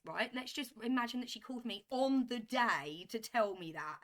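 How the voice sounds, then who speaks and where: A woman telling a story to camera in a vlog, animated and emphatic, repeating herself as she builds a point. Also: on the high side, moderate pace, hardly any pauses. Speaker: vlogger.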